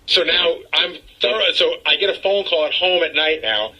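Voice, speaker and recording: An animated middle-aged man telling a story on a radio talk show, a little indignant. His voice is high and very bright with a husky edge, and he talks fast. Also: rough recording.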